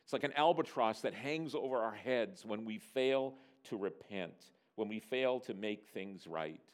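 A man from Northern Ontario, Canada, preaching a sermon and telling stories with lively delivery. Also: lowish voice, unhurried. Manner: animated storyteller, voicing characters in dialogue. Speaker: pastor. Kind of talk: sermon with storytelling.

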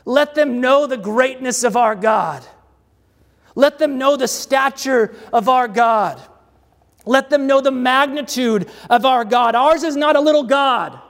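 Man, preacher, sermon, high-pitched, deliberate, repeated refrains. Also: a bit bright, in a large hall.

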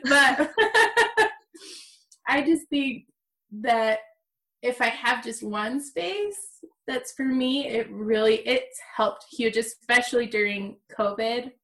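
A woman's voice: a little high, slow, a bit bright. A woman guest on a podcast, chatting candidly and laughing often. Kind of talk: casual podcast chat.

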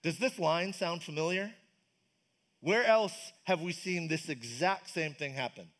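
High-voiced pastor preaching casually. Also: male voice, a little slow, fairly bright tone. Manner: casual, enthusiastic, asks the congregation questions. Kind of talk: conversational sermon. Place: church service.

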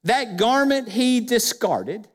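Male pastor, high-pitched and emphatic, preaching with rhetorical questions in a church with a long reverb. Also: sing-song, slow pace. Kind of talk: sermon. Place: church sanctuary.

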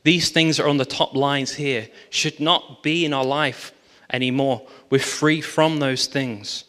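A man preaching from the front of a church hall, telling his story with lively energy and acting out the voices of the people in it. His voice sits in an ordinary middle pitch for a man. A long reverb from the big room trails after each phrase. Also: a little slow. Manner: animated storytelling with quoted dialogue. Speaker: pastor. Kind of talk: sermon storytelling.

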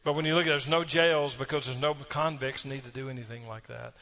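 A man preaching in a church. He talks in a folksy, storytelling way and speaks straight to his listeners with little asides, his pitch sitting in an ordinary middle range. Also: fairly even intonation, fast talker, bright, forceful tone. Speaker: pastor. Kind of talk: sermon.

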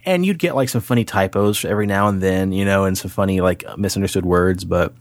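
A man co-hosting a podcast, telling a story in a casual chat, animated and laughing often. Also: deep voice, fast talker, no echo. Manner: animated, acts out voices in his anecdote, laughs often. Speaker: podcast co-host.

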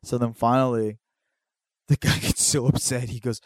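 A young man telling a story in casual chat, swearing a lot and acting out quotes with big jumps in pitch. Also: little pitch movement, moderate pace, no room sound, studio quality.

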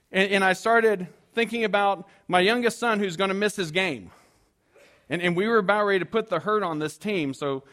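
A man preaching to his congregation, telling a story with humor and acting out his own panic. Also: sits high. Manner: animated, acts out his own frantic panic; self-deprecating humor with the congregation. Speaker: pastor. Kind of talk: storytelling sermon.

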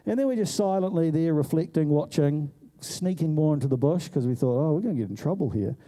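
A man's voice: a little high, a little fast. A man telling a story in a sermon, acting out the voices of the people in it. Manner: animated storyteller who acts out voices. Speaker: preacher.

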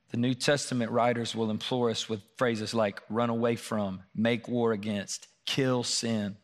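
A man preaching a sermon in a church room, earnest, his voice lifting and growing louder when he reads scripture and dropping quiet during personal stories. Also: medium pitch, little pitch movement, unhurried, few pauses. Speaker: pastor.

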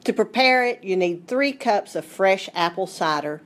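A woman's voice: mid-range voice, expressive, moderate pace, fairly bright tone. A middle-aged woman with a Southern Appalachian accent, a food writer presenting a recipe in a chatty, homespun, playful way. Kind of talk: scripted radio segment.

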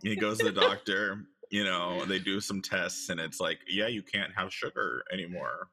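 Guy with a low bright voice, joking around, spinning silly plot ideas. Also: normal speed. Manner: playful, jokey, building absurd plot twists. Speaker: podcast co-host. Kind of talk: casual chat.

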